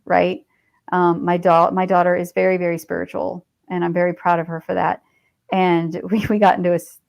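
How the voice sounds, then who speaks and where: On a podcast, a middle-aged woman who is both a veteran and an author shares casual stories, drifting off on tangents with lots of fillers and laughs. Her voice sits lowish, and the recording is rough.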